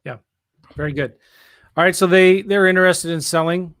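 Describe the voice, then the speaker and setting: A man's voice: sits high, fairly even intonation, normal speed, a bit bright, no echo, clean studio sound. A man hosting an interview who asks short follow-up questions and prompts his guest to go on. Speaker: podcast host.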